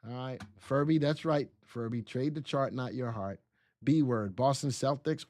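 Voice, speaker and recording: A middle-aged man hosting a live stock analysis stream, energetic and chatty, coaching and teasing his viewers directly. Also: medium pitch, normal speed, no echo, clean studio sound. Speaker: stock market strategist hosting a live show.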